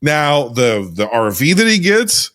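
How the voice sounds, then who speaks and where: An animated man co-hosting a movie review podcast. His voice rises and falls widely as he acts out scenes and breaks into laughter. The talk is loose and casual. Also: on the high side, a little slow. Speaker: podcast co-host.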